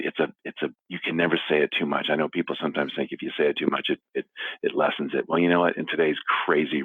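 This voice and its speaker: Middle-aged man, low and husky, heartfelt and halting, on a phone call. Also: dry recording. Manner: earnest, halting with restarts, walking while talking. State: teary. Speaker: interview guest, foundation founder. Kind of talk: emotional phone interview. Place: his office. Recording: phone line.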